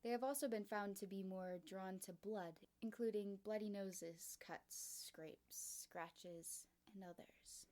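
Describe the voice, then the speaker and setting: A woman reading a calm lecturing teacher. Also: medium pitch, slow, hardly any pauses, natural voice. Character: calm female schoolteacher giving a lecture. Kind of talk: storybook reading.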